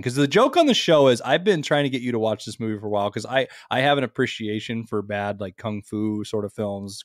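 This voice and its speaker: A man in his thirties co-hosting a podcast, telling stories in a crude, joking, animated way. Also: lowish voice, no room sound, clean studio sound. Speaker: podcast co-host. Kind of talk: casual podcast chat.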